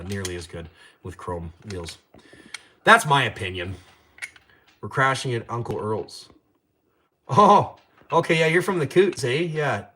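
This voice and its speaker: Broadcasting a casual livestream from his home garage, a young Canadian man rambles on, swears and trash-talks while going through the chat. His fairly low voice is bright and forceful.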